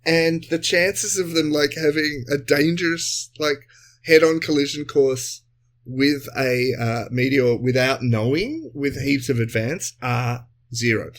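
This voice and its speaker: A man co-hosting a comedy podcast, chatty and explaining at length with tangents. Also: medium pitch. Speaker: co-host. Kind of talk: casual comedy podcast recap.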